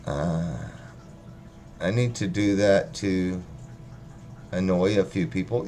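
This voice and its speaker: A man's voice: low-pitched, slow pace, pauses often, mellow. A man rambling casually and profanely on a livestream, joking as he talks. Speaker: livestream host.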